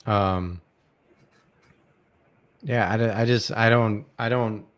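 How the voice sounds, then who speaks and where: Young male podcast host, lowish voice that cracks, rambling opinionated chat. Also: steady tone, slow pace. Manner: rambling, opinionated, with many fillers and restarts. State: voice cracking, dry throat. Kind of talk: casual chat.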